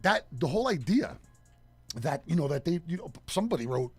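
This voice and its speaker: A man's voice: a little high, big pitch swings, fairly quick, breathy edge, soft background music. A man co-hosting a radio talk show, swearing a lot as he rants in casual chat, recorded in a studio. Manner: profane ranting, heated. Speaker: co-host.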